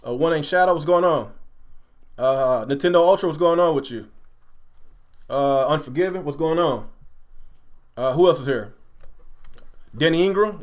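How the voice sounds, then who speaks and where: A man hosting a casual gaming livestream from home, ranting with animated energy and talking straight to his chat. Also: a little high. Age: adult, a father. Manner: animated, repetitive, addresses chat directly.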